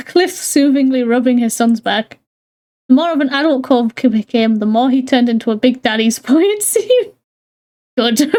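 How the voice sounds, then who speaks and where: A woman's voice: high-pitched, darkish tone. A woman streamer reading a visual novel aloud to her chat, giggling often and breaking off with chatty asides.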